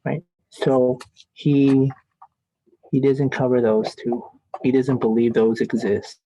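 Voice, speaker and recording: A man's voice: medium pitch, fairly even intonation, slow pace, warm tone, low-quality recording. A man teaching statistics in a classroom lecture, chatty and joking as he thinks aloud at the board.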